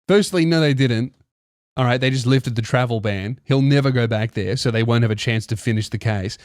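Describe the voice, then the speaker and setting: A man's voice: mid-range voice, fairly quick, dry recording. A young man hosting a podcast, ranting in a sarcastic, mocking, profane comedic monologue into a close mic. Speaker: podcast host.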